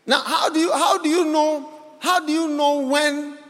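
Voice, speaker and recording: A man's voice: very high-pitched, steady tone, unhurried, a bit bright, in a large hall. A man with a Ghanaian accent preaching a sermon as guest preacher, emphatic and often questioning the congregation.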